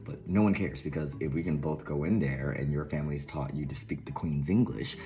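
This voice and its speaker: A man's voice: a bass voice, a little fast, mellow. A man with a Southern drawl, hosting a channel and casually talking through articles he read, rambling with asides and mutters while speaking to his own camera. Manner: rambling, self-interrupting, drops into asides and mutters. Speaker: channel host. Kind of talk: casual commentary on reading articles.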